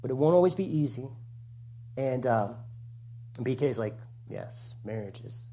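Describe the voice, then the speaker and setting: A man, a pastor, giving a conversational, animated sermon with asides to the congregation. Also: mid-range voice, moderate pace.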